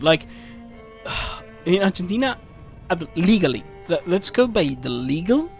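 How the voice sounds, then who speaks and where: Man streamer ranting over faint music. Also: fairly high pitch. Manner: animated ranting storytelling with frequent restarts and swearing. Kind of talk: casual chat while gaming. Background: faint game music.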